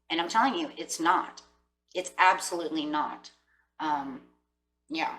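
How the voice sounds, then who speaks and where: Low, forceful woman tarot reader. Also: lively intonation, normal speed, far from the mic, a little hiss or hum, low-quality recording. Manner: earnest, encouraging, talks straight to viewers. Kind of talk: casual motivational tarot reading.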